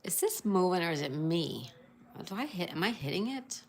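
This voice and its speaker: A woman's voice: lowish voice, big pitch swings, normal speed, gravelly. Chatty woman hosting a crossword livestream. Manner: greets viewers and reads chat aloud; spells out crossword answers letter by letter. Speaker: livestream host. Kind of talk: casual livestream chat.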